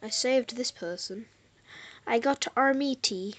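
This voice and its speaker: A woman giving casual gameplay commentary, excitable and prone to loud exclamations, with quiet muttered asides. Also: on the high side, measured pace, dry recording. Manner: excitable, bursts into exclamations and laughs. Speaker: gamer.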